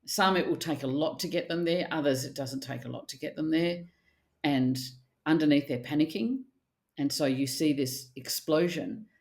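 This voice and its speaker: Woman, middle-aged, low deep voice, therapist, casual podcast talk, animated, blunt. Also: normal speed. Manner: animated, acts out quotes, blunt with casual swearing. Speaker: archetypal therapist guest.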